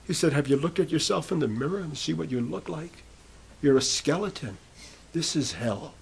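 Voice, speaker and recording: A man's voice: fairly high pitch, brisk, vocal fry, breathy edge. A man preaching, retelling a prisoner's conversion story and quoting the people in it. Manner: retells a testimony, quoting speakers in turn. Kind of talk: sermon storytelling.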